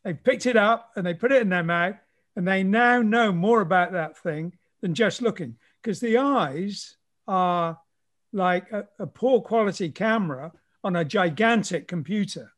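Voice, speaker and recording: Male guest, teacher type, high pitch, thoughtful and explanatory. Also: a little slow, a bit bright. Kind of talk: casual explanatory conversation.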